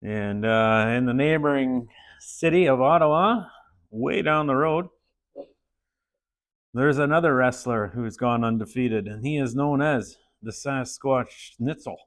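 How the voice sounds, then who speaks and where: A man hosting a casual joke-telling show, telling a long story with frequent pauses. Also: mid-range voice.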